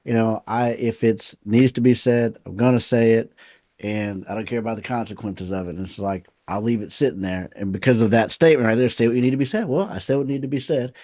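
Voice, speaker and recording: A man co-hosting a leadership podcast, relaxed and reflective, who backs up his partner with lots of short affirmations. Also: mid-range voice, a little fast, no room sound, clean studio sound. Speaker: podcast co-host. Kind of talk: casual podcast chat.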